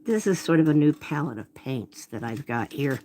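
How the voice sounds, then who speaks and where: A woman's voice: very deep voice, expressive, moderate pace, dark tone, slight background noise. A woman hosting a live watercolor demonstration from her home workspace, talking casually as she paints, often breaking off to apologize or comment on her setup. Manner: chatty, self-interrupting, apologetic. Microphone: phone camera.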